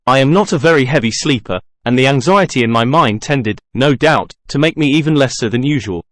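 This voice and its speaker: A man narrates an audiobook in first person, in a measured, middle-pitched voice that breaks into dramatic outbursts. He is recorded on a close studio mic, and the sound is dry with no room around it. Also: lively intonation, no echo.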